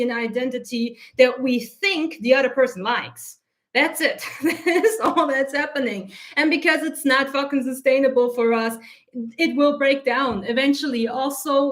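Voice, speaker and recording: A woman coach talking in a blunt, animated, heavily profane way, her eyes teary from an allergy. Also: sits high. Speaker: self-concept coach. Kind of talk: casual spoken monologue.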